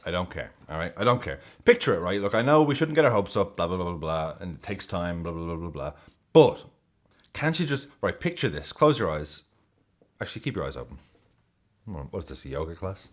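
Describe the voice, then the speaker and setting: A man with a deep, low voice talks straight to camera as a football video host. His delivery is casual, jokey and excitable, with swearing and self-mocking asides. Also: a little fast. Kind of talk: casual vlog commentary.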